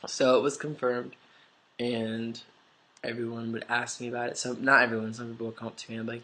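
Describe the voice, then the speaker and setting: This vlogger speaks at medium pitch with a level tone, talking fast in a pushed, bright way. Stuffy-nosed, he rambles through a personal story into his camera mic, dropping "like" constantly and swearing offhandedly.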